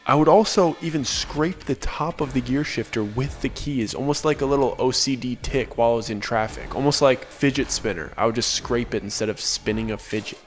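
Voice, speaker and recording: A man's voice: mid-range voice, brisk, few pauses, a little hiss or hum. A young man telling a personal story to his channel in an earnest, conversational way, with frequent filler "like". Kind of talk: casual first-person storytelling.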